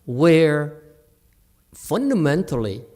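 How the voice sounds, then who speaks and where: A man gives a conversational Buddhist lecture in a temple hall. He sits fairly high in pitch and swoops up and down a lot. He drops in chuckling asides to the audience. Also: very animated, slow, darkish tone. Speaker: Buddhist teacher giving a lecture.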